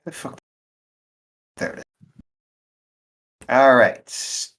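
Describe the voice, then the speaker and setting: Halting, laid-back man at a game table. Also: medium pitch, a bit bright. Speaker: player. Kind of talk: casual tabletop game chat.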